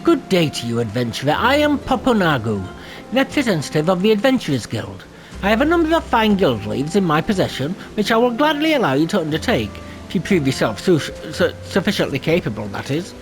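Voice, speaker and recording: A man's voice: high voice, wildly swooping pitch, fairly quick, faint music behind, rough recording. A man doing a small, pompous guild clerk. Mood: officious.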